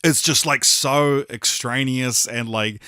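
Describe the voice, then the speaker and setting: A man's voice: medium pitch, slow pace, bright, forceful tone, clean tone, dry recording, studio quality. A man co-hosting a film podcast, chatting casually and rambling with lots of fillers and restarts. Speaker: podcast co-host. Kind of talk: casual film review chat.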